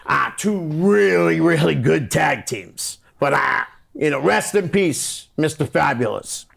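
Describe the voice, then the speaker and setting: Gravelly high-voiced podcast host. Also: male voice, lively intonation, takes it slowly, fairly bright tone. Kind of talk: casual podcast chat.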